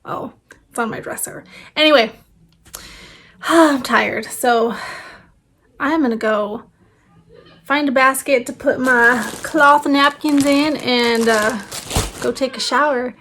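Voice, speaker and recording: A woman's voice: high voice, slow, long pauses, a bit bright. A woman in her thirties, a family vlogger, chatting casually and rambling with fillers, tired and her voice fading. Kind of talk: casual vlog chat.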